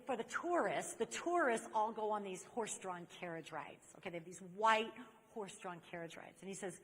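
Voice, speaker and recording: A woman's voice: mid-range voice, pushed and bright. A woman from Saint Louis giving an inspirational talk to a live audience. She tells stories animatedly and speaks straight to the crowd. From Saint Louis, USA. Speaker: speaker on chastity. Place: large convention hall. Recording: echoey hall reverb.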